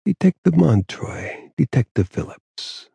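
A man voicing a raspy aging mob boss who speaks slowly, patiently and with quiet confidence. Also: a little high, very animated, dry recording, voice pushed up, exaggerated voice. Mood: smooth menace. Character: aging mob don, raspy, calm and menacing. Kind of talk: audiobook character voice.

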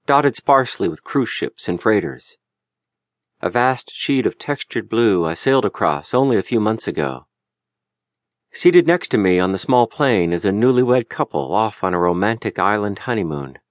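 Low-voiced man narrating a memoir. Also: lively intonation, no echo. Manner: measured, lyrical, deliberate delivery. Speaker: audiobook narrator. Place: recording studio. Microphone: close studio mic.

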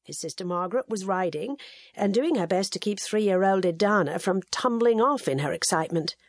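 A woman reading an audiobook in measured scripted narration. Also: mid-range voice, dry recording, clean studio sound.

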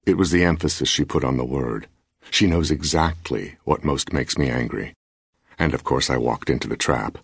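Brief: male narrator, very deep and husky, wry measured first-person read, dry booth. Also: no room sound. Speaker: audiobook narrator. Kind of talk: scripted narration. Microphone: close studio mic.

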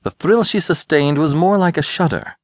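A man narrating an audiobook with an expressive, dramatic reading, close to a studio mic. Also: on the high side, normal speed, dry recording. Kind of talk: scripted narration.

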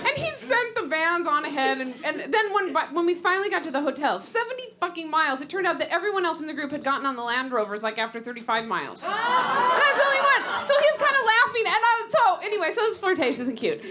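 A woman's voice: very high voice, fast, crowd noise. A woman in her forties, a comedian, telling a rambling personal story live, laughing through it. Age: 40s. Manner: animated, laughing, rambling restarts.

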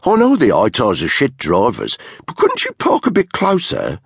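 A man's voice: lowish voice, huge pitch swings, measured pace, slightly rough, no echo, studio quality, pitched above the performer's own voice, heavily acted. A narrator voicing a sneering, bullying blond male unit commander with a crude, mocking manner. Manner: mocking, crude, exaggeratedly loud.

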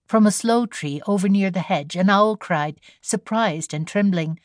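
A woman narrating an audiobook story, reading in an even storytelling manner and voicing the characters now and then. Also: mid-range voice, unhurried, hardly any pauses, no room sound, clean studio sound. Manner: storytelling read with voiced characters. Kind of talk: scripted narration.

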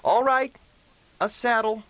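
A man voicing a restless young ranch son in a western audiobook, curt and gruff. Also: extremely high pitch, slow, bright, forceful tone, no echo, voice pushed up, heavily acted. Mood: impatient.

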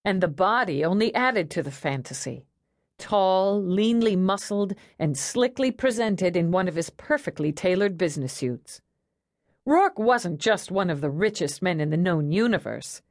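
A woman narrating an audiobook in a wry, expressive storytelling manner. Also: lowish voice, a little slow, dry recording, clean studio sound. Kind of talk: scripted narration.

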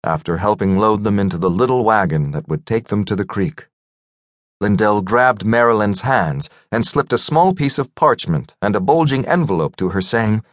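A man narrating a fantasy audiobook in a measured, gentle storytelling manner. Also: lowish voice, lively intonation, no room sound, clean studio sound. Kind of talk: scripted narration.

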